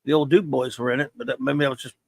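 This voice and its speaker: A man's voice: medium pitch, steady tone, quick pace, creaky, no echo. A man hosting a casual live-stream review, rambling and joking as he reads viewer chat aloud. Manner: rambling, joking, stumbles over words. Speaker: show host reading viewer chat.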